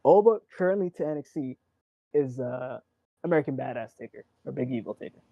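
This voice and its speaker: A man in casual chat about wrestling, rambling and excitable, acting out quotes and swearing. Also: mid-range voice, brisk, gravelly, no echo, poor audio. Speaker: wrestling show co-host.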